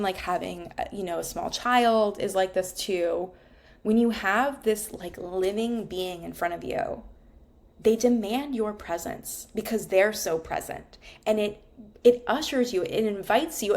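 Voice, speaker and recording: A woman's voice: mid-range voice, gravelly, a little mellow. A woman, frankly telling a personal story in a casual, conversational way and swearing now and then.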